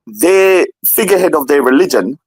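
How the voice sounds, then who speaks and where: A man in casual political chat, animated and repetitive, often acting out others in a higher voice. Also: moderate pace, breathy edge, no room sound, rough recording. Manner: animated, repeats himself, mimics others in a higher voice. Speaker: podcast co-host.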